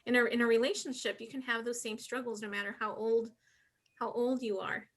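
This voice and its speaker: A woman in her forties co-hosting a casual book chat over a video call, animated and quick to act out outrage in her stories. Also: on the high side. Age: 40s. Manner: animated, acts out outrage when telling stories. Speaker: book club co-host.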